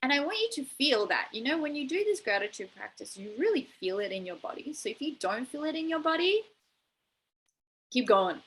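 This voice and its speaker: A woman's voice: high-pitched, a bit bright, slight background noise, low-quality recording. A young adult woman coaching a live online masterclass, enthusiastic and encouraging, using spiritual wording. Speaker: manifestation coach.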